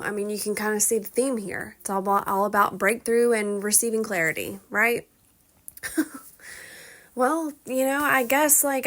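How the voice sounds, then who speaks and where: Woman podcast host, slightly high voice, unhurried, frank, swears freely. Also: fairly bright tone. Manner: candid and frank, swears freely, laughs between thoughts. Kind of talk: casual confessional monologue.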